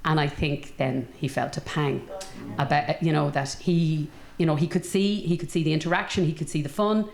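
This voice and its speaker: A woman, who grew up in Ireland, telling a relaxed story on a discussion panel. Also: sits low, moderate pace, hardly any pauses, echoey room.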